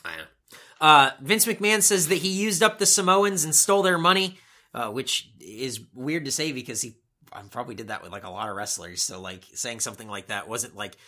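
A man's voice: medium pitch, brisk, sharp tone. A man co-hosting a podcast, rambling through a casual play-by-play recap with swearing tossed in. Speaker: podcast co-host. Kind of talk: casual wrestling recap chat.

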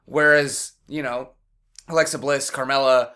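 A man co-hosting a podcast, chatting casually and agreeably with quick reactions. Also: mid-range voice, steady tone, bright, forceful tone. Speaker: podcast co-host. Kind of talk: casual chat.

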